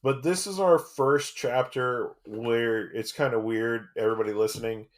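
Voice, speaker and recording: A man co-hosting a casual podcast, adding relaxed comments and questions about a comic chapter. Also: medium pitch, normal speed. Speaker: podcast co-host.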